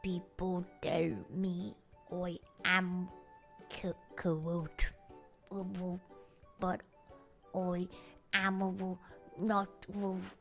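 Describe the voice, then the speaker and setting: A woman voicing an awkward grown man who calls himself a wolf, speaking low, hushed and halting. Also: little pitch movement, gravelly, faint music behind, heavily acted. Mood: gruff mumble. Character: deep-voiced grown man, wolfish and awkward. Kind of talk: livestream bit.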